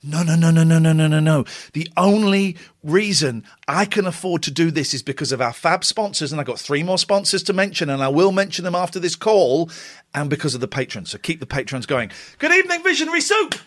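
A man's voice: a little high, big pitch swings, brisk, a bit bright. A man in his forties hosting a late-night radio show alone from home, chatty, rambling and self-deprecating. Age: 40s. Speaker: radio host. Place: home, cold room.

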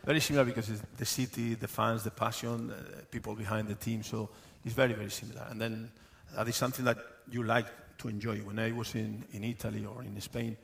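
A man, a football club manager, answering questions on stage at a live event, halting with many fillers and often laughing. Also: on the low side, level tone, vocal fry.

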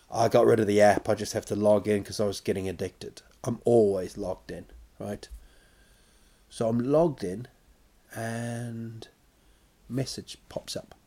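A male comedian telling a story in a self-mocking, animated way, acting out sounds and little voices as he goes. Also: mid-range voice. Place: lives in Stockholm.

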